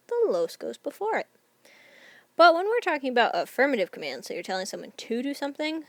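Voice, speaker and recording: A woman's voice: mid-range voice, creaky, dry recording. A woman teacher explaining grammar rules in a patient, step-by-step recorded lesson. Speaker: Spanish teacher.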